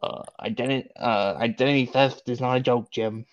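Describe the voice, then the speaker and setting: A man's voice: medium pitch, steady tone, highs cut off, close to an everyday voice. A man voicing a whiny, self-important male office salesman who halts and whines. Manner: halting, whining. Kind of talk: casual comedic impression.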